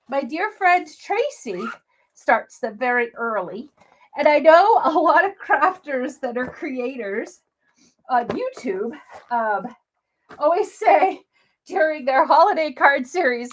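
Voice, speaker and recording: Chatty high-voiced woman hosting a craft stream. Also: big pitch swings, slow. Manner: chatty, gushing, addresses viewers directly. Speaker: crafting livestream host. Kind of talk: casual live crafting demo.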